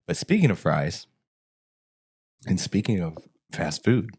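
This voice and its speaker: A man, co-hosting a casual podcast and telling animated stories. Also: deep voice, takes it slowly, husky. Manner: animated storyteller, mimics voices in anecdotes. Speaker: podcast co-host. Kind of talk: casual chat.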